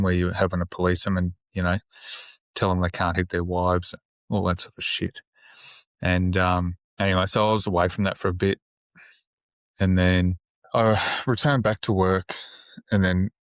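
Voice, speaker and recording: A police officer telling a story on a podcast in a casual, halting way, with many fillers and restarts and easy swearing. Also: male voice, sits low, no room sound.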